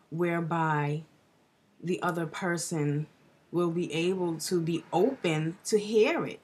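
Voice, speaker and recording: A woman talking excitedly in a casual astrology vlog, rambling with restarts and dropping into breathy whispered asides. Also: lowish voice. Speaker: astrology vlogger.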